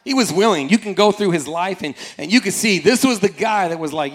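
A man preaching an energetic sermon, acting out voices from scripture and calling on the congregation to repeat lines after him. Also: sits high, a little fast, few pauses. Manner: animated, acts out scripture voices, repeats phrases, calls congregation to respond. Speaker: pastor.

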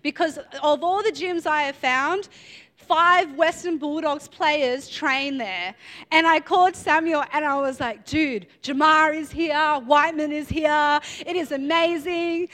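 A woman's voice: sits high, measured pace, a bit bright. A young woman in her twenties giving a sermon, telling a personal story in a chatty way with many fillers and asides. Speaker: preacher.

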